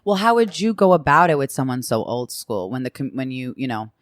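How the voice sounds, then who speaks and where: A young adult woman with a New York accent, a comedian guest on a podcast, talking in an animated way and jumping in often. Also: rumbling low, no echo. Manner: animated, laughing, quick to jump in. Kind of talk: casual interview chat.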